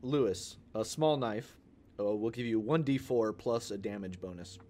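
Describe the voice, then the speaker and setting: A man's voice: lowish voice, normal speed, darkish tone, slight background noise. A man running a tabletop game as game master, describing scenes in a hesitant way with frequent fillers and restarts. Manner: hesitant, searching for words with many fillers. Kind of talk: narrating a tabletop horror game.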